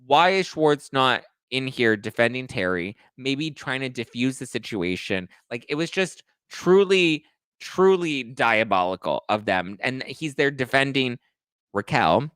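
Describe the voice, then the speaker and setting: Male host, sassy and dramatic, medium-pitched, dry close recording. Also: animated, a bit bright, smooth, dry recording. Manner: sassy, dramatic, rapid asides. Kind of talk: casual reality TV recap.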